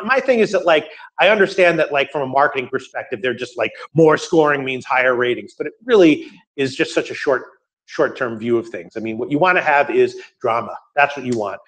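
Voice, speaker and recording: Guy rambling thru betting questions in a studio, lots of uh and restarts, normal pitch. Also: a bit bright. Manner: rambling, many fillers and restarts. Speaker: guest sports bettor answering viewer questions. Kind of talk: casual studio Q&A chat.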